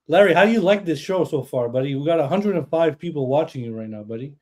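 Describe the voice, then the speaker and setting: A man hosting a podcast in an excitable, boastful way, swearing freely. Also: fairly high pitch, fast, hardly any pauses. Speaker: podcast host. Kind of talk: hyped casual chat.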